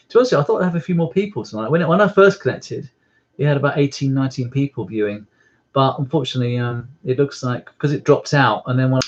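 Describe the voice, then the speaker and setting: Man, mid pitch, hesitant rambling live-stream host at home, dull lo-fi audio. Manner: rambling, hesitant, many ums. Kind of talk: casual live-stream chat. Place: at home indoors. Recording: slightly muffled lo-fi stream audio.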